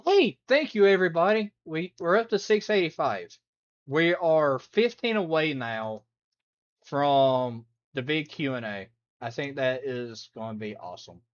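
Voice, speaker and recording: A man's voice: a little high, expressive, a little slow, highs cut off. A man chatting casually on a live stream while reacting to videos, rambling, laughing and humming along.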